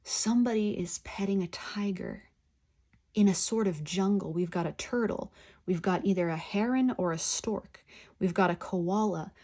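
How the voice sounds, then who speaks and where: A woman giving a pick-a-card tarot reading, talking in a gentle, effusive, spiritual way. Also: fairly low pitch, moderate pace.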